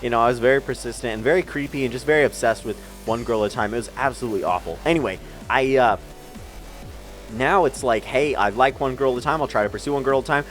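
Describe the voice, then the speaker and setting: Young male vlogger, quick and rambling, self-mocking and profane, low game music underneath. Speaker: gaming channel storyteller. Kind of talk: storytime commentary over gameplay.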